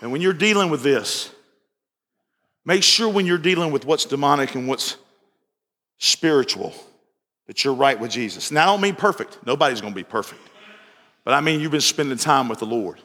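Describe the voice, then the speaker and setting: A male pastor delivers an exhorting sermon in a high, bright, ringing voice. He keeps retelling stories with quoted lines. The sound carries a long reverb from the church sanctuary. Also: animated, brisk, long pauses.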